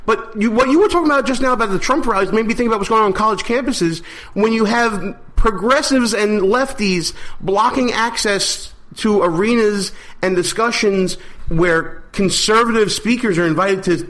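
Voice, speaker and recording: High-voiced man co-hosting talk radio. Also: fairly bright tone. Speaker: co-host. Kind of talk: political talk radio banter. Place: radio studio.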